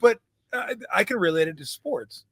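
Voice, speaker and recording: A middle-aged male host muses in a relaxed backyard chat, laughing easily. His voice sits a little high, and the sound is dry and close. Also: normal speed, no echo. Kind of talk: casual chat. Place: backyard outdoors.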